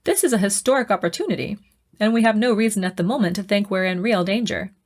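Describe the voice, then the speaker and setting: Brief: woman voicing a calm, commanding audiobook starship captain, stubborn and skeptical, middle pitch. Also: fast talker, lightly acted. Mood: firm.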